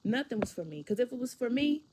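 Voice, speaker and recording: A woman's voice: a little high, sing-song, fast talker, background noise. Woman just talking straight to camera about her life, frank and loose, repeats herself, restarts a lot. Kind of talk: candid personal storytelling.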